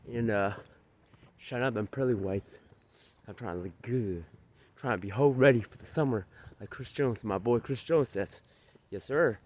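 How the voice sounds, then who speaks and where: A man vlogging while walking outdoors, talking into a phone on a selfie stick, brash, boastful and profane, and out of breath. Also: medium pitch. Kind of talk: casual walking vlog. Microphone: phone camera on a selfie stick.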